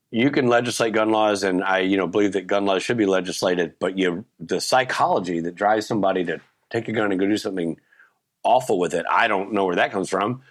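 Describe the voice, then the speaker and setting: A man in his fifties with a Southern US accent, chatting as a podcast guest and telling animated stories with quick laughs and restarts. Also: fairly low pitch. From Nashville, Tennessee. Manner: animated storyteller, laughs often, frequent restarts. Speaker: guest, actor. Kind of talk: casual podcast chat.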